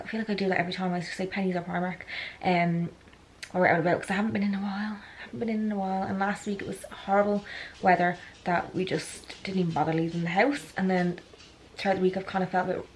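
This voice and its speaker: A woman's voice: mid-range voice, a little hiss or hum, low-quality recording. A young woman with an Irish accent, chatting through a day-in-the-life vlog, rambling and correcting herself with lots of ums. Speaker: vlogger.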